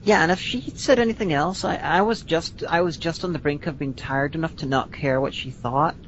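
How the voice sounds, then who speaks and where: Woman, Northern Irish accent, podcast host, blunt and quick, dull lo-fi audio. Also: sits low, slight background noise. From Northern Ireland. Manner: blunt, quick, trailing restarts. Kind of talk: casual chat.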